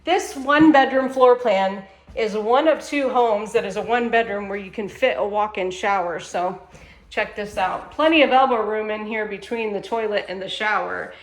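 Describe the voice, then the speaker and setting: A woman who manages a mobile home sales lot, chatting in an upbeat way while she walks viewers around a home, outside and then inside. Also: mid-range voice. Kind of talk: casual home walkthrough.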